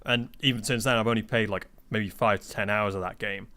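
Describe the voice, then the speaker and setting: A man's voice: fairly low pitch, brisk, clean tone. Swearing man telling game stories. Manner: animated anecdotes, acts out quotes, swears freely. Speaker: podcast guest, game master. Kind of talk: casual chat, storytelling.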